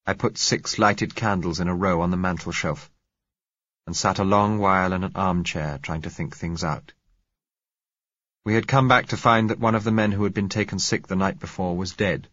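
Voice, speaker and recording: A man narrating a novel in the first person, measured and reflective. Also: low-pitched, fairly bright tone, dry recording, lo-fi sound. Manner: measured, reflective, rising in heated dialogue. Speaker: audiobook narrator.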